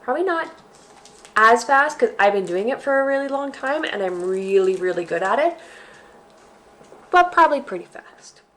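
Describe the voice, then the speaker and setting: A woman hosting a library storytime for children, reading a picture book aloud in an expressive, sing-song way. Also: on the high side, moderate pace, long pauses.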